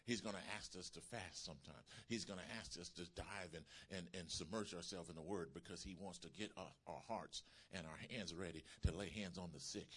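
A man preaching with a bright, forceful voice that sits a little low. He builds his points with emphasis and calls out to the congregation. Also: a little fast, few pauses, husky. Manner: emphatic preaching, rising to shouts. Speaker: pastor. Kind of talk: sermon.

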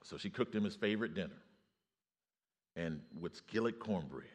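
A man preaching a sermon, telling stories and rising to loud exclamations. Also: sits low, expressive, normal speed.

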